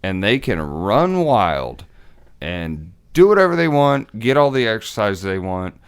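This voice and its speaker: A man's voice: fairly low pitch, sing-song, a little slow, clear, resonant tone. Swearing, exasperated male podcaster. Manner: crude, swearing, mock-exasperated. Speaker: podcast co-host. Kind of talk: casual chat.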